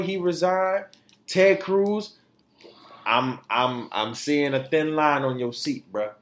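His voice sitting high and a bit bright, this male podcaster rants hotly with crude, outspoken commentary and occasionally stumbles as he talks.

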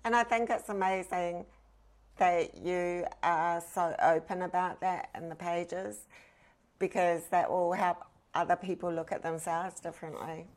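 A woman's voice: fairly low pitch, fairly even intonation, a little slow. Encouraging woman podcast host. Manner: warm and encouraging, with short affirmations. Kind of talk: casual conversational interview.

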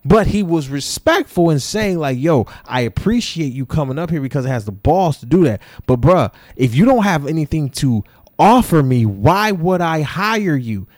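A man hosting an opinion podcast, ranting in an animated, profane way full of slang and mocking asides. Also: fairly high pitch, normal speed, no room sound, studio quality. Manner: mocks others in put-on voices. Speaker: podcast host.

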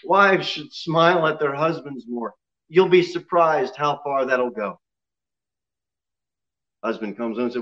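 Pastor guy preaching in church, a bit high-pitched, jokey, repeats himself a lot, dull lo-fi sound. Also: takes it slowly, long pauses, fairly bright tone. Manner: joking, self-deprecating, repeats himself. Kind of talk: sermon. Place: church sanctuary.

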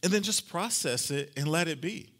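A man preaching a sermon as a pastor, talking conversationally and often checking in with the congregation, slowing down on key lines. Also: expressive, a bit bright. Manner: swings pitch up for emphasis, slows down on key lines.

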